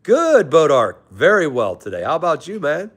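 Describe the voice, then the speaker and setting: A man's voice: on the high side, huge pitch swings, moderate pace. A young man hosting a live stream, casually greeting chatters by name and calling them brother. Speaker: livestream host reading chat.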